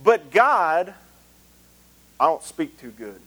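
A man's voice: a little high, big pitch swings, slow pace, pushed and bright, full character voice. A man acting out a hesitant biblical prophet who stammers through excuses, within a sermon. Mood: reluctant.

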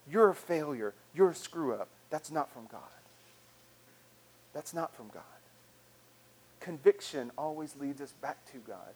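Animated, conversational male pastor preaching. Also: on the high side. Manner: animated and conversational, with acted-out quotes and big swings in loudness. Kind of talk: sermon. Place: church sanctuary.

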